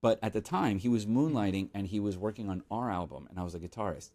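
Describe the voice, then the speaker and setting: A man who is a guest composer on a podcast, telling a story in casual chat and acting out the people he quotes. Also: fast. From Miami, United States. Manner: animated, acts out quotes with sudden jumps in pitch.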